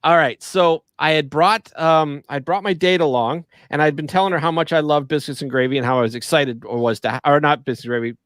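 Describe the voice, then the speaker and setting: A man with a fairly high voice tells stories in an animated way and acts out every line of dialogue. His sound is dry and close, with no room around it. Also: fairly quick, hardly any pauses, no echo. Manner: animated storyteller, acts out dialogue, laughs often. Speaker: podcast host. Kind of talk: casual storytelling chat. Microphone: video call.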